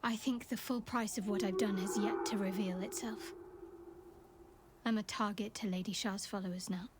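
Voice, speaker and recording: A woman voicing a guarded young female cleric in a video game, speaking in a measured, restrained, somber way. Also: medium pitch, fairly even intonation, very noisy, natural voice.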